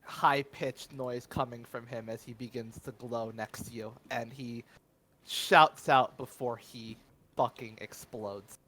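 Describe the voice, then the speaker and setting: A man narrating as game master of a tabletop role-playing game, often pausing with fillers as he describes scenes. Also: medium pitch, steady tone, a bit bright. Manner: halting, filler-heavy narration.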